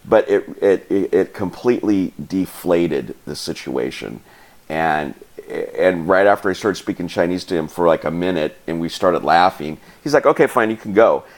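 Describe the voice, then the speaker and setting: A man telling a travel story in a casual, animated way, laughing often and acting out the people he met. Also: sits low, moderate pace. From United States. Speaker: travel vlogger.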